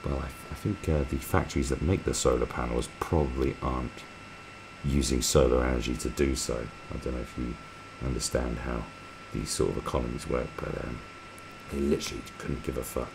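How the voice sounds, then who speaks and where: Very deep, gravelly sarcastic man. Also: steady tone, fairly quick, noisy background. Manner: sarcastic, crude, mocking. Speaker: live stream host. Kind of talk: reading and mocking viewer comments.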